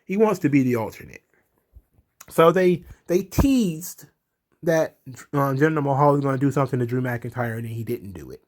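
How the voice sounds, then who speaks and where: A man's voice: medium pitch, expressive, moderate pace, a little mellow. A man casually recapping a wrestling show, rambling and exasperated, with lots of fillers. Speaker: wrestling commentary vlogger.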